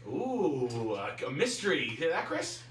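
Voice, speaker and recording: A man's voice: a little high, wildly swooping pitch, measured pace, a bit bright, reverberant, far from the mic. A man co-hosting with rowdy, mocking banter. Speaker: co-host.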